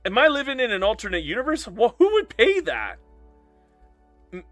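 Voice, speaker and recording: A man's voice: high voice, huge pitch swings, a little fast, a bit bright, dry recording, faint music behind. A man live-streaming a strategy game and bantering playfully with his chat as he reads their messages aloud.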